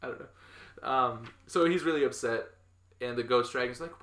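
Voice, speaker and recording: Bright-voiced young man recapping a comic. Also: medium pitch, normal speed. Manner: rambling storyteller, acts out quotes, laughs often. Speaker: podcast co-host recapping a comic. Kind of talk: casual chat. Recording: echoey room.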